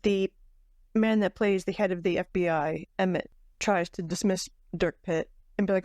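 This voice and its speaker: A woman's voice: lowish voice, moderate pace, darkish tone, no room sound. A woman co-hosting a podcast, chatting casually about a book with fillers and restarts. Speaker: podcast co-host. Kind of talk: casual book club chat.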